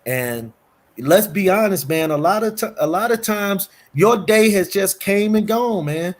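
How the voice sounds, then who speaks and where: A middle-aged man makes his point earnestly in a relaxed conversation. His voice sits a touch higher than most men's, and he keeps returning to "you know" and "man". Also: a little slow. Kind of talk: casual talk show discussion.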